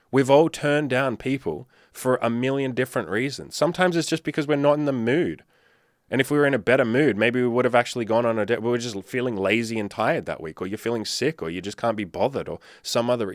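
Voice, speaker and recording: A man's voice: medium pitch, no echo, studio quality. Blunt, swearing man coaching on dating. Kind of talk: casual commentary to camera.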